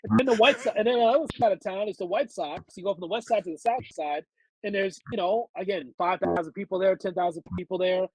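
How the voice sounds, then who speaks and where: A man rants animatedly on a sports podcast, acting out mocking little quotes. His voice sits high and gravelly, with a husky edge. The sound is dry and close. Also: fast, no room sound, low-quality recording. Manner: animated, ranting, acts out mock quotes. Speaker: sports radio co-host. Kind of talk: casual sports podcast banter.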